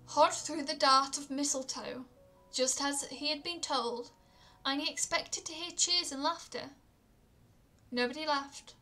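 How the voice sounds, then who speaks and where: Woman reading myths on stream, bright high voice, calm, stumbles a bit. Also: a little slow, faint music behind. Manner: calm, with small stumbles and restarts. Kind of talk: storytelling read-aloud.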